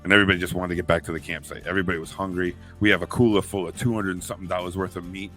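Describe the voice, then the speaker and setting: Low-voiced guy on a podcast, spins stories and does the voices, faint music underneath. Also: racing. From New England. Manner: animated storyteller, acts out quotes. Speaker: podcast co-host. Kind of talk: casual storytelling chat.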